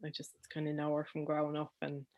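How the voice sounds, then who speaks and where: A woman's voice: low-pitched, completely flat delivery, quick pace, highs cut off. A young adult woman, a guest telling a personal story in a chatty way, with many ums and restarts.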